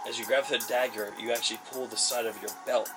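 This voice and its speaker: A casual male game master narrates in a fast, steady, medium-pitched voice, rambling, laughing often, and using lots of fillers. He's far from the mic, with music playing underneath.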